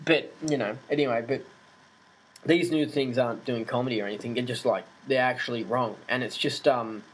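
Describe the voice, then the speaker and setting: A man ranting casually to camera, animated and indignant, swearing freely and using lots of fillers. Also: mid-range voice, fairly quick, breathy edge, poor audio.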